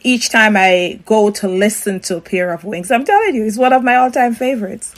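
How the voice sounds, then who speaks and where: A woman's voice: medium pitch, animated, moderate pace, poor audio. A woman hosting an interview, polite and affirming with frequent ums, recovering from losing her voice. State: recovering from voice loss. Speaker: interview host. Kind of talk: casual interview.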